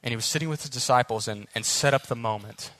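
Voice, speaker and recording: A young man preaching a sermon as pastor, earnest and animated, speeding up as the story builds. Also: medium pitch, fast, dry recording.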